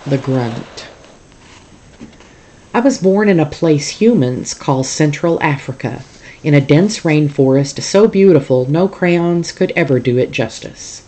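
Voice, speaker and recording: Teacher, reading a novel aloud, calm, steady, mellow tone. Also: mid-range voice, a little slow.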